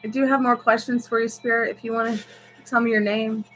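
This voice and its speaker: A woman in her thirties hosts a live tarot stream, with a bright, sharp voice. She rambles through personal stories in casual chat and calls out to spirits. Faint music plays behind her. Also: on the high side, level tone, a little fast, low-quality recording. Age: 30s. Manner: rambling storyteller who talks to spirits.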